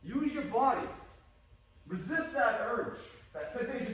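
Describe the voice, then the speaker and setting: Animated man coaching in an echoey gym. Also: high-pitched, unhurried. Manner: animated, acts out quoted dialogue while coaching. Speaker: martial arts instructor. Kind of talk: teaching a class. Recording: echoey gym heard from a distance.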